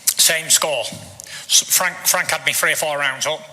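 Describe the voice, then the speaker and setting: A man's voice: on the high side, a little slow, sharp tone. A male boxer speaking in a rambling post-fight interview.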